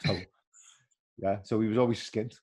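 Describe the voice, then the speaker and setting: A middle-aged man, a former footballer telling animated stories in a casual interview and acting out the voices of others. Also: lowish voice, normal speed.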